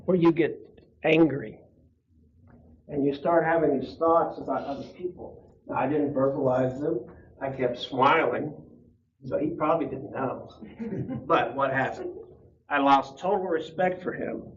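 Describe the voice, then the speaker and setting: A man's voice: medium pitch, a little slow, long pauses. A man in his fifties teaching a church class, telling a personal story in a casual, chatty way and asking the class questions. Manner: conversational, laughs often, asks the class questions. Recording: dull lo-fi room recording.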